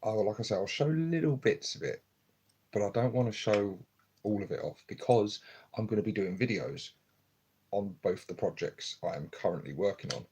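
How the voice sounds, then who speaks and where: A man chatting quietly and casually on a live stream at home, filmed on his phone, rambling with lots of ums. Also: on the low side, animated, moderate pace, a little hiss or hum. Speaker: hobby streamer. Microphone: phone camera.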